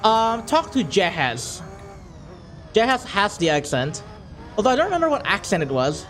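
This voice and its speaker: High-voiced man chatting on a game stream. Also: very animated, normal speed, a bit bright, faint music behind. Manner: chatty, reads chat aloud, jokey and profane. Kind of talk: casual gaming stream chat.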